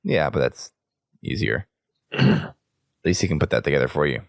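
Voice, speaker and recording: Hoarse sick man with a gravelly low voice. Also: animated, normal speed, dry recording, clean studio sound. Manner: rambling, casual. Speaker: podcast host. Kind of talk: casual podcast chat.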